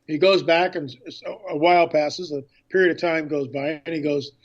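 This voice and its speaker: On a radio interview, a man who is an author and filmmaker relates a story eagerly, voicing the people in past exchanges. His pitch leans high, his pace is moderate, and the audio is lo-fi.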